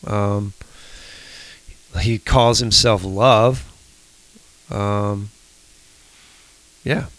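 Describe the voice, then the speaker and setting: A man leading a podcast Bible study, reading scripture in a measured, deliberate way. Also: on the low side, fairly even intonation, fairly bright tone, no room sound, poor audio.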